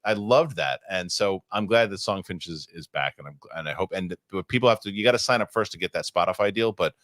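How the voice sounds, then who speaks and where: A middle-aged man hosting a casual podcast, rambling and excitable as he chats and reads ads. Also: deep voice, brisk, dry recording, clean studio sound. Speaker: podcast host. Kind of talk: casual chat and live ad reads.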